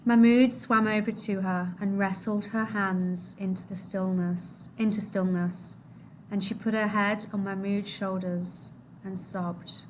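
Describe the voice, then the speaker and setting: A woman reading a novel aloud to a class, expressive, her voice dropping low and soft at the sad moments. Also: unhurried, a little hiss or hum.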